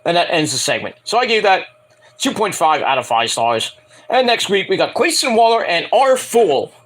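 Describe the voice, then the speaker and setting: A man's voice: high voice, sing-song, moderate pace, a bit bright. A man reviewing a wrestling show at home in a casual, rambling rant, profane and mocking, often acting out quotes.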